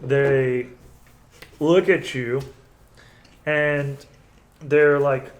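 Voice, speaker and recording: A man's voice: medium pitch, measured pace, low-quality recording. A man narrating as game master in a tabletop game, casual and stumbling a little over his words.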